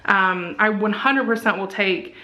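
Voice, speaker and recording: A young woman vlogging to camera, chatty and excited, full of likes and quick asides. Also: mid-range voice, low-quality recording. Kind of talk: casual vlog to camera.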